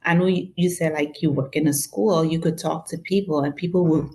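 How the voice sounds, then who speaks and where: There's slight background noise as a New York woman with a Haitian-influenced accent talks briskly in a deep voice. A guest in a casual chat, she's expressive and acts out quoted back-and-forths.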